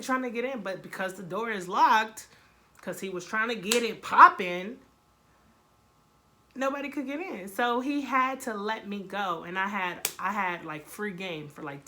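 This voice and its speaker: A young woman telling a casual storytime, animated and blunt, swearing freely and acting out what people said. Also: mid-range voice. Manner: animated, blunt, profane, acts out quotes. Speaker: vlogger.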